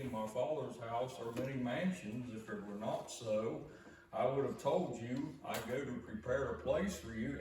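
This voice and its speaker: A man's voice: medium pitch, a little mellow, slight background noise. A man preaching a sermon as pastor, reading scripture with earnest, rising emphasis. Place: church sanctuary. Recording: echoey church recorded from far off.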